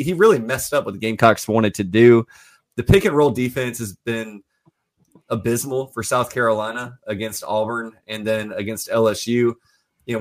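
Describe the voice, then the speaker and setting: Man breaking down a basketball game. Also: mid-range voice. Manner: steady, analytical breakdown. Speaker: sports talk show host. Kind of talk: sports analysis.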